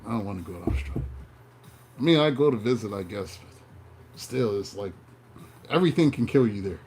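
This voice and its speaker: A man's voice: on the low side, animated, a little fast, noisy background. A man doing a tarot reading who drifts into a profane, joking rant in a loose, digressive storytelling way. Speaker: tarot reader. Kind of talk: casual comic rant then tarot reading.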